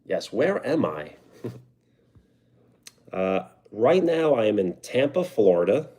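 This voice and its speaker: A man's voice: lowish voice, big pitch swings, slow pace, warm tone. A young man with a New York accent, chatting casually on a live stream and answering viewer comments. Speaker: livestreamer.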